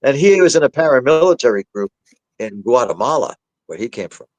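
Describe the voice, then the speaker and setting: Man, mid-pitched voice, dry close sound, animated storyteller acting out the voices he quotes. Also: fairly quick, no echo, low-quality recording. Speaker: guest, author and demonologist. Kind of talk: storytelling in a podcast interview.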